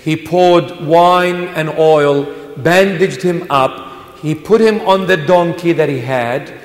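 A man preaching a sermon in a church, dramatic, swinging between hushed asides and loud exclamations. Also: a little high, takes it slowly, echoey room, big-room sound. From Australia. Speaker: bishop preacher.

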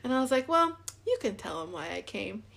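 Podcast co-host, young woman, casual storyteller, a bit higher voice, acts out every quote. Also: very animated, brisk, gravelly, fairly bright tone. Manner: chatty, many "like"s, acts out quoted dialogue.

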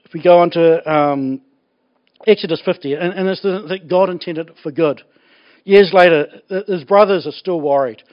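A man preaching a sermon in an animated, joking way, laughing often. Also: high-pitched, normal speed. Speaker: pastor. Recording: dull lo-fi recording.

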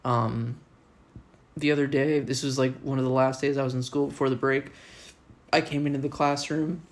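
A man's voice: mid-range voice, flat delivery, normal speed. Chatty man telling a classroom story. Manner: storytelling with many "like" fillers. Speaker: English teacher abroad. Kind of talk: casual conversation.

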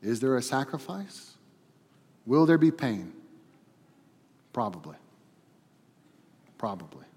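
A man preaching a sermon as pastor, swinging between loud emphatic passages and quiet, hushed ones. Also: medium pitch, animated, a little slow, pauses often, slightly rough. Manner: builds to loud emphatic preaching, then drops to a hushed prayer. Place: church hall. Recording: long hall reverb.

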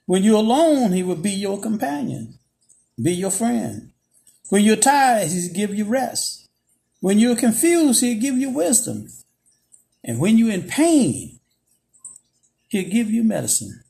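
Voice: medium pitch, big pitch swings, slow, vocal fry, long pauses, dark tone. A preacher delivering a sermon in emphatic, repetitive phrases, checking in with "Okay?". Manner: emphatic call-and-response phrasing, repeats "Okay?".

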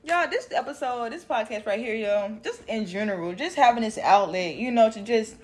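A woman from Mississippi with a Southern accent, co-hosting a podcast in fast, animated, profane casual chat. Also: fairly high pitch. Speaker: podcast co-host.

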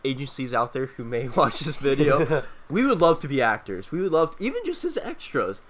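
Young man, casual chat, laid-back, chimes in, mid pitch. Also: brisk, a bit bright. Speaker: co-host.

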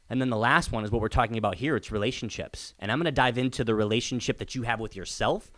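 A man who is a father and hosts a podcast, talking alone with emphatic repetition and stretches of rising, excited urging. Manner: earnest, emphatic, repeats key phrases; builds to excited high-pitched urging. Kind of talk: motivational solo podcast talk.

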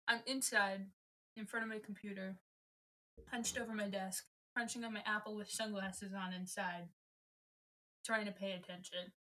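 A woman's voice: medium pitch, fairly even intonation, normal speed, long pauses, bright, forceful tone, slight background noise, poor audio. A woman co-hosting a podcast in casual chat, making wry, dry remarks. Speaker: podcast co-host.

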